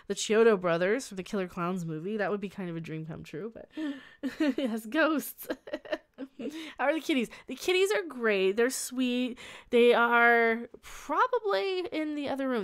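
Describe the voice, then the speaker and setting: A woman's voice: mid-range voice, smooth. A young woman hosting a casual livestream from a small room at home, chatting with her chat, rambling, with frequent laughs and restarts. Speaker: livestream host reading chat.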